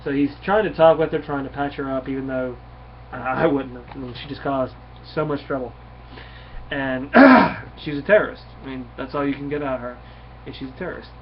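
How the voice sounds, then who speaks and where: A man's voice: medium pitch, brisk. Guy rambling through a comic plot recap, faint hiss, dull audio. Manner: rambling, many fillers and restarts, reads dialogue aloud. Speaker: comic book reviewer. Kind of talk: casual comic review, retelling the plot.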